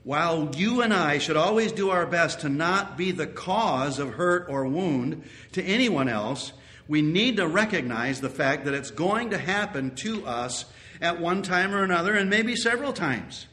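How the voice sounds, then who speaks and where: A man preaching a sermon as pastor, earnest, repeating key phrases and sometimes rising to loud exclamations. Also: a little high.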